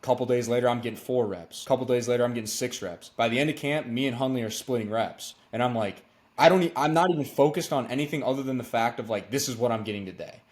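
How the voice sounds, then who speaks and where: A young man, a podcast guest, telling stories in casual slangy chat, excited and acting out quotes with jumps in his voice. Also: mid-range voice, fast talker. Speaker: podcast guest, former quarterback.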